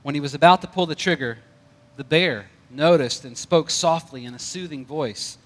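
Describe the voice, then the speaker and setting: A man's voice: a little high, moderate pace, fairly bright tone, big-room sound. A male pastor preaching a conversational sermon with light jokes.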